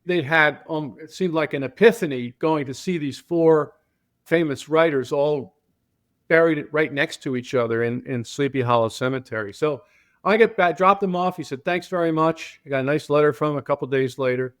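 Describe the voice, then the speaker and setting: An older man, a transportation company founder, telling a story on a podcast in a casual, animated way and acting out the voices of the people he quotes. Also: a little high, normal speed.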